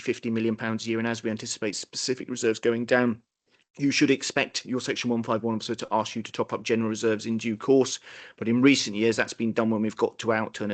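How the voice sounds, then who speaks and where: A man, a council finance officer, giving a formal budget briefing in a quick manner with dry humour, in a council meeting room. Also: lowish voice.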